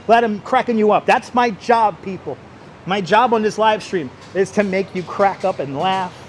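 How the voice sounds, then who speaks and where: A man with a high voice, speaking at a moderate pace with slight background noise, hosts a walking livestream in a city park. He jokes with the audience, thanks people by name and sings playfully, wearing a wireless clip-on mic with his phone on a gimbal.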